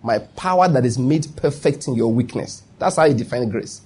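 Preaching with a Nigerian accent, this man has an expressive mid-range voice that's a little mellow and husky, moving at normal speed. He asks rhetorical questions, goes over his points again, checks that the congregation is following, and chuckles at his own anecdotes.

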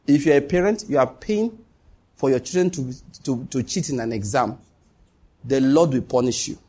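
A man's voice: medium pitch, moderate pace, darkish tone, breathy edge. A man preaching a sermon as pastor, emphatic, repeating key lines and dropping joking asides.

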